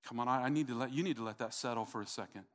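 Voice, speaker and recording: A man's voice: mid-range voice, racing. A middle-aged man preaching a sermon, emphatic and repetitive, calling out to the congregation. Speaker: pastor.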